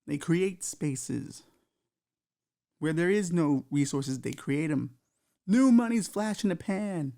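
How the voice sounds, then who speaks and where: Male podcast host, fairly high and gravelly, loose and profane, riffs in a comedic monologue. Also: lively intonation, slow, mellow. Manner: loose, profane, riffing with asides.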